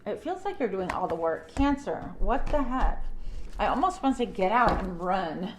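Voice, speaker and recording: A middle-aged woman giving a casual tarot reading to her audience, chatty and animated, with playful asides. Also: medium pitch, moderate pace, background noise. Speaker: tarot reader.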